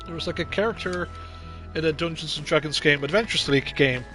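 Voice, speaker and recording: A man's voice: on the high side, fairly quick, pushed and bright, faint music behind. A man streaming a game, talking casually in a rambling, chatty way with lots of filler words. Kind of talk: casual gameplay commentary.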